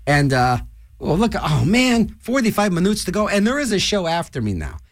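A man's voice: sits high, huge pitch swings, normal speed, dry recording. A middle-aged man talking as a college radio DJ, rambling in a manic, jokey way with lots of fillers. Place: radio studio.

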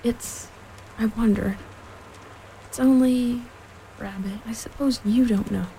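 A woman's voice: fairly high pitch, fairly even intonation, slow pace, creaky, mellow, slight background noise, rough recording. A woman voicing an earnest, solemn young boy.

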